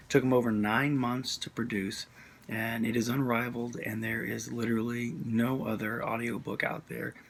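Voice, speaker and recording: A man's voice: mid-range voice, gravelly, a little hiss or hum. A man as podcast host, earnestly introducing his guest with many fillers. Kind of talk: scripted show introduction.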